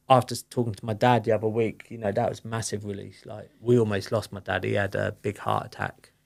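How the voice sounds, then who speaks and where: A man's voice: fairly low pitch, fairly even intonation, fairly quick, gravelly, a little mellow. A middle-aged man, talking openly as a podcast guest, rambling with lots of fillers. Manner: open, rambling storytelling with many fillers. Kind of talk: candid personal conversation.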